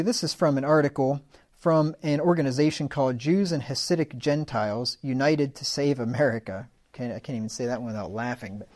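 A man's voice: medium pitch, a little mellow. A man preaching a sermon in an emphatic, conversational way, often restarting his sentences.

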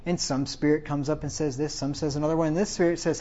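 A man's voice: on the high side, steady tone, quick pace, few pauses, dark tone. A man teaching from the Bible, reading verses aloud and then retelling them in plain, slangy everyday talk. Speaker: preacher. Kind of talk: Bible teaching with casual paraphrase. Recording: dull lo-fi sound.

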